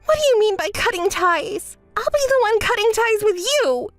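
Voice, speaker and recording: A woman voicing a spoiled, entitled young woman in a texting story, whiny and quick to throw tantrums. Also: very high voice, expressive, faint music behind, voice pushed up. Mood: whiny frantic.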